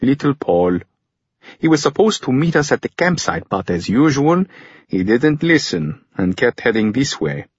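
Fretful younger brother, higher voice, read by a male narrator. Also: big pitch swings, a little slow, husky, no echo. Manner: fretful, complaining. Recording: dull lo-fi recording.

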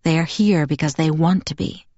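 A woman's voice: deep voice, moderate pace, a little mellow, no echo, lo-fi sound. A woman voicing a protective young male vampire who speaks in a harsh, clipped, guarded tone. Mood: tense.

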